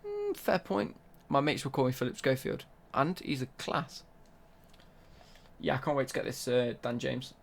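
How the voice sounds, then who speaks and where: A man's voice: medium pitch, level tone, normal speed, vocal fry. A young man chatting casually on a live stream while he plays, bantering and answering his chat.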